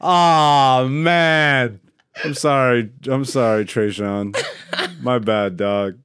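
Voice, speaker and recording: Guy cohosting a sports pod, jokey, swears a lot, smooth clear voice, dry studio mic. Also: medium pitch, steady tone, drawn-out words, a bit bright, dry recording. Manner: loose and joking, swears freely. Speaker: podcast co-host. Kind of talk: casual sports chat.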